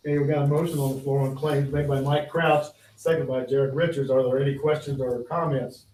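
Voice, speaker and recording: Board president chairing from far off. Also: male voice, medium pitch, steady tone, a little fast, a little mellow. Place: school board meeting room. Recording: echoey room, distant mic, faint noise.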